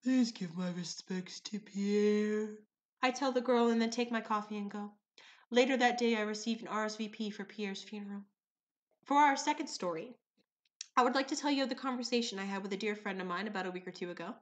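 A woman's voice: on the high side, fast. A woman vlogger telling funny everyday stories in a theatrical, wry, playful way. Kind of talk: comic storytelling vlog.

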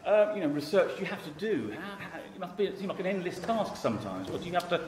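Animated male panel host. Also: high voice, a crowd in the background. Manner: inquisitive, quick follow-up questions. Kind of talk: convention panel interview. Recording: echoey hall with audience.

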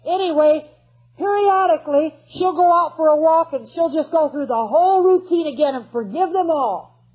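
A woman preaches with earnest emphasis, often turning to put questions straight to her listeners. Her voice sits high for a woman. The recording is thin and tinny, like sound over a phone line. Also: moderate pace. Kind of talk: sermon.

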